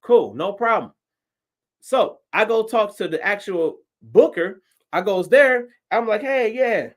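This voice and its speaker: A man from Detroit, a stand-up comedian, telling a story on a livestream in a profane, animated way and acting out his own reactions. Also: sits high, unhurried.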